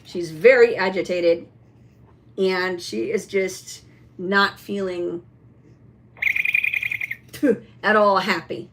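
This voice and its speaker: A woman in a casual show-and-tell vlog, chatting about a toy with many fillers and some throat-clearing. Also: lowish voice, slow pace, fairly bright tone, a little hiss or hum. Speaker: vlogger showing a toy.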